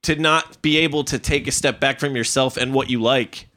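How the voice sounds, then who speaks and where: A man's voice: mid-range voice, steady tone, moderate pace, bright, forceful tone. A man co-hosting a casual podcast, rambling with many fillers and curse words. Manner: rambling, filler-heavy, profane. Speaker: podcast co-host. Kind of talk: casual chat.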